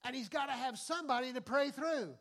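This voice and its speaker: Pastor, male, high-pitched, folksy sermon delivery with quiet-to-loud swings. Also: fairly quick. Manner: swings between soft confiding and loud preaching; folksy and conversational.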